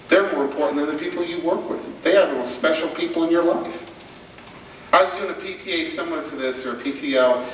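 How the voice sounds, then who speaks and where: A man's voice: medium pitch, fairly bright tone, slight background noise. Man telling family stories on stage. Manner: humorous storytelling, asks the audience questions. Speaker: speaker on parenting. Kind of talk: stage talk to an audience. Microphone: far camcorder. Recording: echoey camcorder recording from far off.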